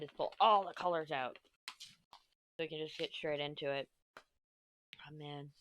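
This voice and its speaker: A woman's voice: low voice, fairly bright tone, slight background noise. A woman in her thirties from Texas with a mixed Texan and New York accent, chatting casually while crafting. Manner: chatty, rambling, swears casually. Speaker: crafting vlogger. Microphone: mic at desk.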